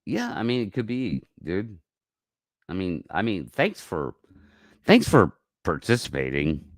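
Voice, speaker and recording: A man with a very deep voice rambles and swears through a casual livestream, his pitch leaping around as he talks. He drawls slowly, going from low mumbles to sudden loud outbursts. The sound is dry and close, with no room around it. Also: sing-song, no echo. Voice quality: profane, rambling. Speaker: livestream host.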